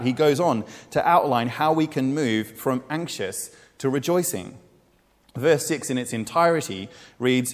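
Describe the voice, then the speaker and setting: Brief: earnest male preacher, mid pitch, long reverb of a church hall. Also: lively intonation, unhurried. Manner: earnest, plain-spoken, with small fillers. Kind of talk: sermon.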